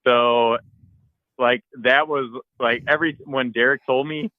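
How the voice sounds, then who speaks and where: Man, podcast co-host, casual animated storyteller, dry and slightly dull audio. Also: mid-range voice, a little slow, dry recording. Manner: animated storyteller, acts out his own shouts and texts.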